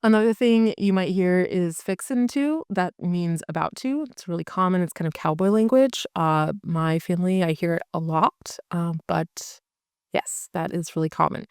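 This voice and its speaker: Smooth-voiced Oklahoma woman explaining casually. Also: lowish voice, normal speed, darkish tone, no room sound, clean studio sound. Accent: light Oklahoma. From Eastern Oklahoma. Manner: chatty, explains with casual asides and fillers. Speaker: real estate agent and channel host. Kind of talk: explanatory talk to camera.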